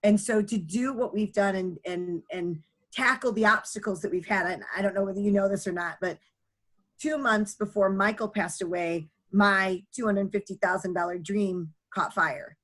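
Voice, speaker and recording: A woman's voice: mid-range voice, fairly even intonation, normal speed, a bit bright. A middle-aged woman, a nonprofit founder, telling her story as a guest in an earnest, chatty way with many fillers. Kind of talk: conversational storytelling.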